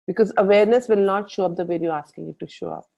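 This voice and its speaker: A woman's voice: medium pitch, fast talker, creaky. A woman leading a group coaching call, telling stories animatedly and quoting her own thoughts. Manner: animated storytelling with quoted self-talk. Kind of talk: casual group coaching talk. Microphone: video call. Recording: muffled video-call audio.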